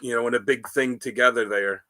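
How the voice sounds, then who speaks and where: A man co-hosting a podcast, with a bright, tense-edged voice recorded close and dry. He rambles through his stories, leaning on fillers and restarts. The talk is loose and casual. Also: medium pitch, fairly even intonation, fairly quick, dry recording. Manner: rambling, many "you know" fillers. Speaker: podcast co-host. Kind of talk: casual chat, retelling comic scenes.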